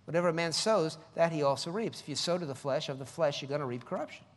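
A man preaching a sermon, reading scripture slowly and mimicking people in high voices. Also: big-room sound.

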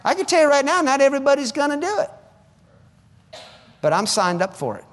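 A man preaches a sermon in a very high, very animated voice at a fairly quick pace. He fervently urges his listeners on, repeating his words often, and a long hall reverb surrounds him.

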